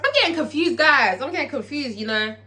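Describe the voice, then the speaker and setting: A woman's voice: sits high, expressive, brisk, pushed and bright. A British woman recapping a TV episode in a casual, profane, chatty way, as a show reviewer.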